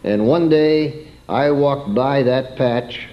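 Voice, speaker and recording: A man's voice: mid-range voice, slow, dull audio. A man preaching a sermon through a homespun childhood story, turning to ask his listeners questions.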